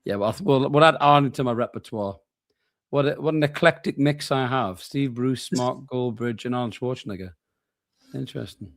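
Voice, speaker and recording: Bright-toned and fairly quick, a medium-pitched man co-hosts a late-night football watchalong stream, tired but joking and swearing casually in laid-back match chat. The audio is studio quality with no room sound.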